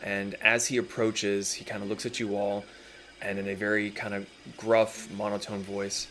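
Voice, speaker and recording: Low-voiced man running a tabletop game. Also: moderate pace, faint music behind. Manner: relaxed, descriptive, many fillers. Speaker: dungeon master.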